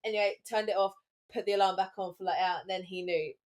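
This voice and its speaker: A woman's voice: medium pitch, fast talker. A young woman from England, a podcast co-host, telling a story in casual chat, acting out quotes and saying "like" a lot. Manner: animated storyteller, acts out quotes, lots of "like".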